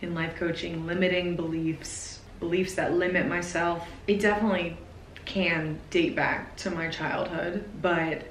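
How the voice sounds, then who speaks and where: A woman in her twenties talking to camera in a personal vlog, nervous and emotional, speaking haltingly. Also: on the low side, flat delivery, reverberant, slight background noise, low-quality recording. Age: 20s. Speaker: vlogger.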